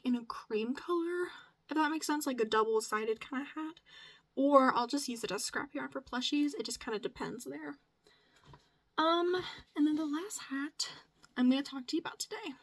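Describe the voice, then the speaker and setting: High-voiced gushing young woman vlogger. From US Midwest. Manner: chatty, gushing, swears casually, drops into whispers. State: voice cracking. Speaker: crochet vlogger. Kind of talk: casual chat.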